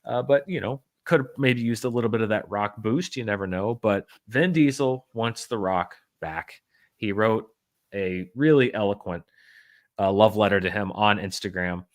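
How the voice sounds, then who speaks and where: A man hosts a casual live-stream chat about the news, dry and wry in tone. His voice sits a little low, and he rambles along, filling pauses with plenty of uhs. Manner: wry, rambling, lots of uh fillers. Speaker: host.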